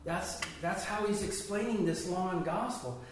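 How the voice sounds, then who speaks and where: A man's voice: sits high, normal speed, recorded from a distance, noisy background. A man leading a small Bible study class, asking the group questions as he teaches. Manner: conversational, asks the group questions. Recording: echoey room picked up from afar.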